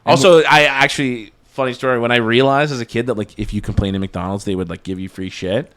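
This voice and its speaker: A man's voice: medium pitch, fast talker. A man telling a story in casual chat, acting out quotes and swearing often. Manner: animated, acts out quotes, heavy swearing.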